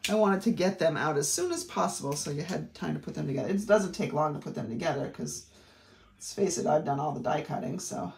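A middle-aged woman with a Maine accent chats through a craft tutorial, demonstrating a technique and wandering into rambling asides. Her voice is deep, gravelly and darkish, heard in a roomy, echoing space.

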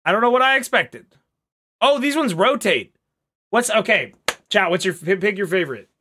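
An excitable man streaming a game from his home setup, his bright, forceful voice leaping all over the place. He swears freely and swings from loud outbursts to quiet mutters. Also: high-pitched, moderate pace, slight background noise. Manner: excitable, profane, swings between shouts and mutters. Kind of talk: casual gaming commentary.

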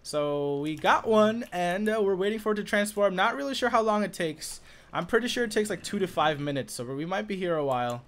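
Excitable male gamer narrating his play. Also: high voice, a little fast. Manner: chatty and excitable, many filler "uh"s. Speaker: gaming video host. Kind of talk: casual let's-play commentary.

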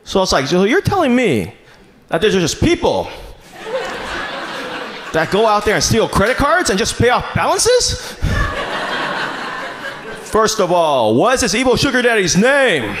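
A man doing a stand-up comedy set in a small club, deadpan and self-mocking, shouting out his punchlines now and then. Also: high voice, unhurried, long pauses. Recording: noisy comedy club ambience.

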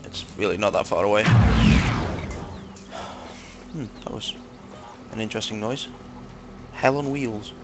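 A man's voice: lowish voice, a little slow, pauses often, noisy background. Chatty Mancunian man with crude humour. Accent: Manchester English. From England, Manchester. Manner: chatty, crude joking, lots of fillers. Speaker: gaming video host. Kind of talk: casual gameplay commentary with friends.

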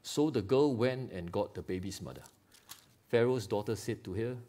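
A man preaching a lively sermon in Singaporean English, firing rhetorical questions and teasing members of the congregation by name. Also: on the low side, normal speed. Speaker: pastor. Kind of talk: live sermon. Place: church hall.

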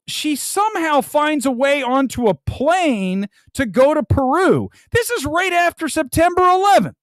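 On his live stream, a male host with a very high-pitched voice tears into a movie, laughing a lot and ridiculing it with plenty of energy. The audio has no echo.

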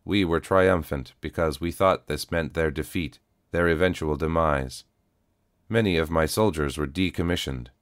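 Weary old cyborg soldier, formal and measured, very deep, dry studio sound, as a man reads him. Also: no room sound. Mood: grim. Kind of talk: audiobook character voice.

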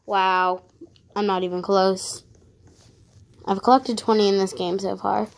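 A woman narrating her online game as she plays, excitable and easily frightened, giving running commentary. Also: mid-range voice, unhurried, vocal fry, dry recording. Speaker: gaming channel host. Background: dogs barking sometimes.

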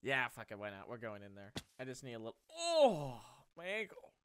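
A man thinking aloud while playing a game, excitable and quick to swear, moving from low mutters to sudden excited outbursts. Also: clear, resonant tone, no room sound. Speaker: Let's Play host. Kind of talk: gameplay commentary.

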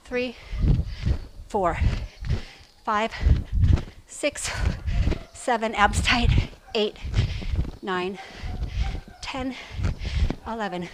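A woman fitness coach leading a workout, counting reps and giving form cues, out of breath and breathy between sets. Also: mid-range voice, extremely slow, pauses often, heavy background noise.

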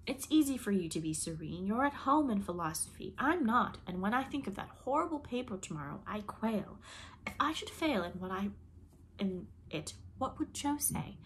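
A woman's voice: medium pitch, very animated, normal speed, a little hiss or hum, natural voice. A woman reading the part of a playful, dramatic young college woman who complains theatrically.

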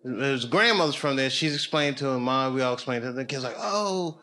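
A man doing loose stand-up storytelling on a comedy club stage. He rambles, dropping to low mutters and then rising into loud, excited bursts. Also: fast. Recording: noisy live club recording.

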